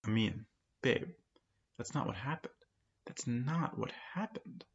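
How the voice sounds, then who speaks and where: A man reading the lines of a tender young woman who pleads softly with her lover, in a soft, earnest, often hushed manner. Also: medium pitch, animated, slow pace, voice pushed up. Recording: dull lo-fi sound.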